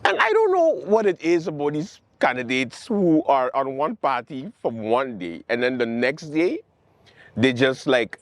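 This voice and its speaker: A man's voice: medium pitch, a little slow, no echo. Guy doing a sarcastic political rant, mocks people, dry close sound. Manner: animated, sarcastic, mocking quotes and repetition. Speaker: late-night show host. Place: outdoors with planes overhead.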